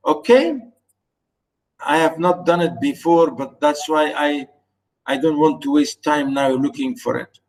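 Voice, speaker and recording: A man teaching an online poetry lesson, chanting stress patterns syllable by syllable with halting pauses and restarts. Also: fairly high pitch, rough recording. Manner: many fillers and restarts while explaining.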